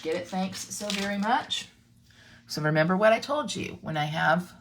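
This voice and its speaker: A woman's voice: medium pitch, a bit bright, slight background noise. A woman leading a live crafting tutorial, chatting to viewers and reading their comments as she works, often restarting her sentences. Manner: chatty, self-interrupting, talks to viewers. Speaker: craft demonstrator.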